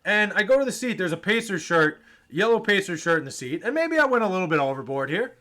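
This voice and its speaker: A man tells his stories to the camera in a high, bright voice. He is casual and animated, swears freely and mimics the people he ran into. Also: fast. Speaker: vlogger telling fan stories.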